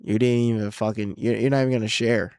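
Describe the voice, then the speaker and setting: Talking fast in an on-the-low-side voice with fairly even intonation and a darkish, clean tone, a young comedian hosts his own podcast for a casual solo rant. He rambles, swears, and sounds exasperated, and the clean studio sound has no room noise.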